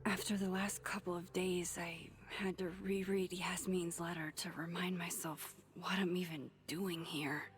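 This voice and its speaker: A woman's voice: on the low side, little pitch movement, a little slow, hardly any pauses, faint music behind, close to an everyday voice. An actress voicing a wry, self-deprecating young woman photographer in a video game, with sardonic asides. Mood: whispered. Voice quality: swears under her breath, sardonic asides. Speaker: game protagonist.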